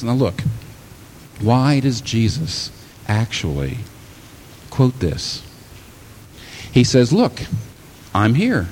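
A man preaching a sermon in a church hall, animated and often taking on the voices of the people he quotes. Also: fairly low pitch, a little hiss or hum. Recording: long hall reverb, faint room ambience.

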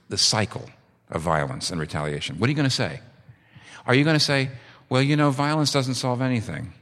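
Man, preacher, impassioned sermon, fairly low voice, surges in pitch for emphasis, reverberant church hall. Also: bright, forceful tone. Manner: impassioned, rises sharply for emphasis. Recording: long reverb of a large hall.

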